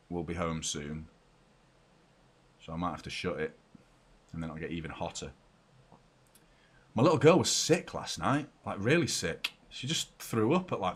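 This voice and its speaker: A young man hosting a live football watchalong from home, chatty and excitable, moving between loud cheers and quiet muttering. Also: on the low side, breathy edge. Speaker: football fan channel host. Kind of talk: live match watchalong commentary. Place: home room with door open and a fan.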